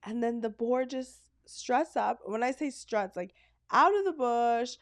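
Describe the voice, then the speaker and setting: A woman's voice: fairly high pitch, unhurried, no echo, clean studio sound. A woman from Canada co-hosting a casual podcast, telling stories animatedly and acting out the quotes. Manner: animated storyteller, acts out quotes. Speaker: podcast co-host. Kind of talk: casual chat.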